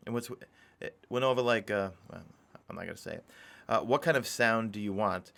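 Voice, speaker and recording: A man's voice: lowish voice, brisk, gravelly, a bit bright, soft background music. A young adult man streaming a game live, chatting casually in a rambling way and greeting viewers from chat. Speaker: gaming streamer.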